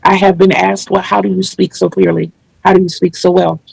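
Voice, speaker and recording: A woman hosting a relaxed online interview, her voice carrying a gravelly fry. She talks earnestly and at length, restarting now and then. The sound is dry and close, with no room echo. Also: on the low side, fairly quick. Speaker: channel host interviewing a guest. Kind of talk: casual video interview chat.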